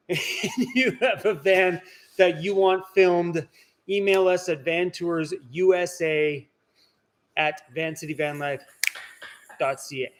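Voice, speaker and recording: A man's voice: high voice, fairly even intonation, takes it slowly, pauses often, slight background noise. A man hosting a casual live stream from inside his workshop, chatting and answering viewer comments. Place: indoor workshop.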